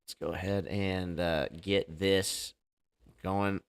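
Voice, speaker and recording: Deep-voiced joking livestream host man. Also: steady tone, slow pace, gravelly, clear, resonant tone. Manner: loose, joking, hype-style banter. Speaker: livestream debate show host. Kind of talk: casual livestream chat.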